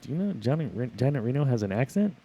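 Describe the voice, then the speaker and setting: A man's voice: medium pitch, very animated, fast talker, mellow, husky. A man co-hosting a casual podcast, rambling and crude, joking and restarting his sentences. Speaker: podcast co-host.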